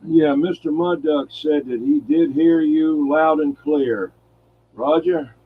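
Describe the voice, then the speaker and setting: Brief: chatty male CB operator, fairly high voice, thin and tinny over the air. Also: slow. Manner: chatty, uses radio jargon. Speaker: CB radio operator. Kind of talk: casual on-air radio chat. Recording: tinny radio transmission with faint static.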